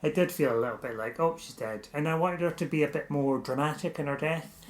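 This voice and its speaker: A man co-hosting a podcast in casual chat, trading quick jokes. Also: fairly high pitch, roomy sound. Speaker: podcast co-host.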